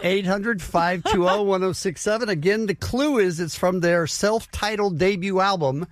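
A woman hosting a call-in contest on the radio, brisk and quick to laugh. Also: mid-range voice, no echo, studio quality. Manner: brisk, lively, laughs often. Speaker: radio host.

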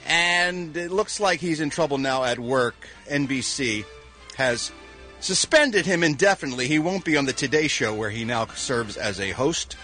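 A man's voice: mid-range voice, expressive, moderate pace, bright, forceful tone, soft background music. A man reading showbiz news on a morning radio show, wry and sarcastic, with punchy lines and mumbled asides.

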